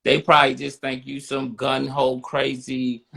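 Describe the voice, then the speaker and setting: Man, blunt streetwise podcast talk, gravelly, bright edge. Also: mid-range voice, completely flat delivery, measured pace. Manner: blunt, streetwise, repeats "you know what I'm saying". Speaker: podcast co-host.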